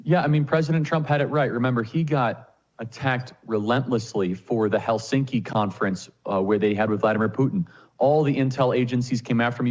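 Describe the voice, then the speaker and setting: Forceful man firing rhetorical questions. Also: medium pitch, muffled recording. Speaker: political commentator guest. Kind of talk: political interview talk.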